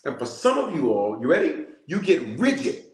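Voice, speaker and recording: A man's voice: a little high, moderate pace. Storytelling preacher man, echoey room. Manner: storytelling, animated, calls out to listeners. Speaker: bishop. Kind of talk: sermon-style prayer message.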